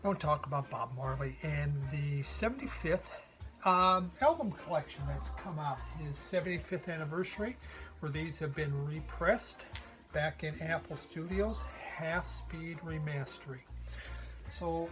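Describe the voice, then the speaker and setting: A middle-aged man talks casually about his record collection, drifting easily from one story to the next. His voice sits a little on the higher side for a man. Faint music plays quietly in the background. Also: unhurried, low-quality recording. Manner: relaxed, rambling storytelling. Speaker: vinyl record collector host. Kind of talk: casual vlog chat.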